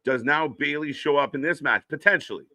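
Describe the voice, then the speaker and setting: A man's voice: fairly high pitch, a little fast, sharp tone, no echo. A man co-hosting a live wrestling watch-along, chatting casually, swearing and reading out viewers' names. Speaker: co-host.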